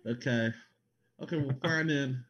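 A man's voice: mid-range voice, measured pace, a bit bright, lo-fi sound. A man co-hosting a casual podcast, laughing often and swearing as he jokes with friends. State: numb mouth. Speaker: podcast co-host.

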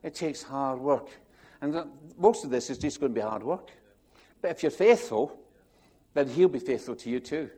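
A man, a pastor, preaching a sermon in an animated, rambling way, acting out quotes and restarting his sentences. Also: mid-range voice, moderate pace, breathy edge.

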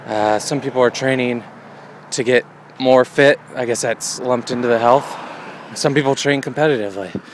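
A male comedian talking in a wry, meandering deadpan right after a run, a little winded, outdoors by a road. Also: medium pitch, a little fast, slight background noise. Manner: wry, meandering, jokey asides. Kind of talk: rambling deadpan monologue.

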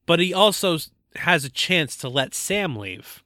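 A man's voice: a little high, very animated, unhurried, bright, forceful tone, no room sound, clean studio sound. A man co-hosting a casual movie-review podcast, joking and recapping the plot with stumbles and laughs. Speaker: podcast co-host.

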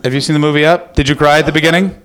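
A man doing crowd-work stand-up, loud, profane and teasing. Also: a little high, steady tone, rapid-fire. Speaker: stand-up comedian working the crowd. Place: small comedy venue with a live audience.

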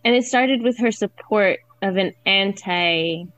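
A woman chatting casually, expressive and exclamatory, quick to laugh. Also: medium pitch, dry recording, highs cut off. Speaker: podcast guest. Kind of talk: casual chat.

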